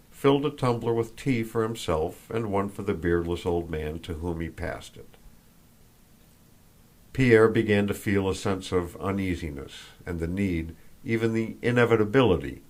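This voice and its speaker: A man reading a classic novel aloud as an audiobook narrator, in a measured, even delivery. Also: low voice. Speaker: audiobook reader. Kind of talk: scripted narration.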